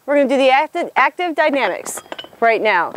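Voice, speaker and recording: A very high-voiced woman runs a boot camp class outdoors. She calls out commands and counts reps with bright energy. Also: sing-song, fairly quick, slight background noise. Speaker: fitness instructor. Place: outdoors on a hilltop.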